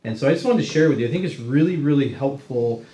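Male Bible class teacher, mid-pitched and chatty, recorded with a roomy echo. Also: animated, fast talker, dark tone. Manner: conversational, checks in with 'right?' tags.

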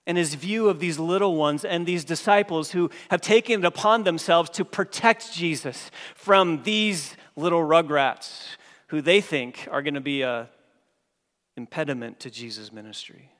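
A male pastor preaching a sermon, emphatic, repeating key phrases and slowing on words for stress. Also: a little high, a bit bright, in a large hall.

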